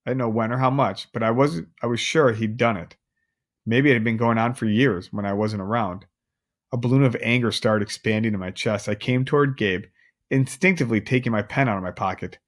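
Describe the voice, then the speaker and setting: A man's voice: medium pitch, brisk. A man reading a novel aloud, adding casual chatty asides to his listeners. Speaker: audiobook reader.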